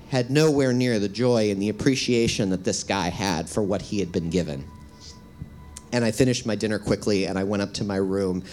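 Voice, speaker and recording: Midwestern male author, wry first-person storyteller, mid-range voice, faint hiss. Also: mid-range voice. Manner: self-deprecating, wry, animated asides.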